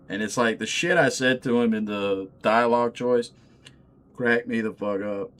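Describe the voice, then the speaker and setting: A man's voice: mid-range voice, moderate pace, fairly bright tone. A man casually chatting while he assembles miniatures. He is laid-back and profane and laughs often. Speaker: channel host.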